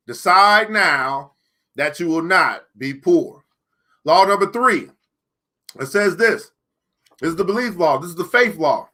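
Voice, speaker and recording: Male book club host, bright, high voice; emphatic, slow-repeating, sarcastic motivational talk. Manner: emphatic, repeats key lines slowly for effect; sarcastic, laughs between points. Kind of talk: live-streamed motivational book discussion.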